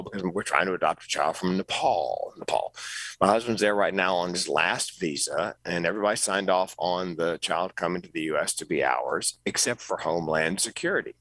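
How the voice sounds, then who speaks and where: A middle-aged man, a comedian, telling an animated story as a podcast guest, jumping up in pitch when he quotes people. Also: a little fast, no echo, rough recording. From North Carolina, US. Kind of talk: storytelling interview.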